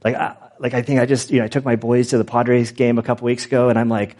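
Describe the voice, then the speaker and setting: A middle-aged pastor telling stories in a loose, self-deprecating sermon with many restarts and asides. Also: male voice, medium pitch, level tone, fast, a little mellow. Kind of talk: conversational Bible teaching with stories.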